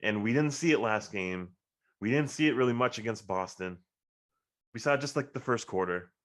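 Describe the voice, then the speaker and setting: A man with a lowish voice talking sports with a friend, mostly in an even, monotone way. He rambles through his thoughts and grows emphatic when frustrated. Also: normal speed. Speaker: podcast co-host. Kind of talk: casual sports talk.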